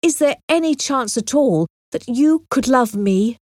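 A woman reading as a sincere gentleman suitor. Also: high-pitched, expressive, measured pace, dry recording, studio quality, pitched above the performer's own voice. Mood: passionate. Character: kind, earnest gentleman in love, storybook suitor.

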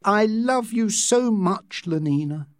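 A man's voice: high-pitched, expressive, takes it slowly, no echo, clean studio sound, voice pushed up. A man voicing an intense, idealistic young man, earnest and impassioned, in a read-aloud story.

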